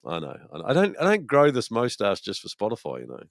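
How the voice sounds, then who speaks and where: Low-voiced man with lively wry banter. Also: quick pace, vocal fry, dry recording. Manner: wry, teasing, trailing off. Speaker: podcast co-host. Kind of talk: casual banter. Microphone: studio microphone.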